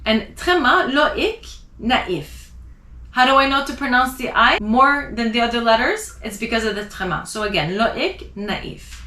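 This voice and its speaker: A woman teaching French pronunciation, spelling out letters and slowly repeating example words. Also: fairly high pitch, animated, bright, forceful tone, echoey room.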